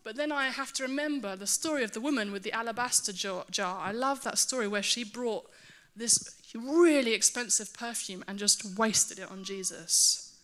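A woman preaching a sermon to her church, earnest and animated, with self-mocking asides. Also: fairly high pitch, normal speed.

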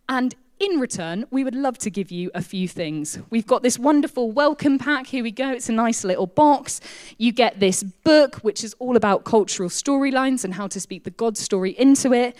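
A woman as a guest speaker in a church, telling a story with humor and acting out the dialogue. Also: mid-range voice. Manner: lively and self-mocking, acting out dialogue.

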